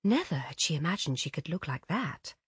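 Expressive husky woman reading a story. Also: low-pitched, brisk, no room sound, studio quality. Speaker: audiobook narrator.

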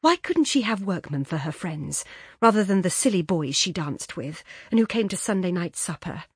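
Woman, audiobook narration, lively lilting pitch, husky, dry close sound. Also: moderate pace, no room sound. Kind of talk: scripted narration.

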